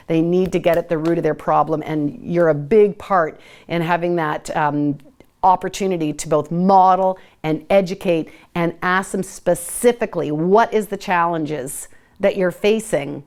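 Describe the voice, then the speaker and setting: Middle-aged female host, warm parenting talk, lively sing-song delivery, speaks from experience. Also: fairly low pitch. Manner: animated, sing-song when modeling what to say to kids. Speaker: parenting educator hosting a live session. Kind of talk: live webinar talk.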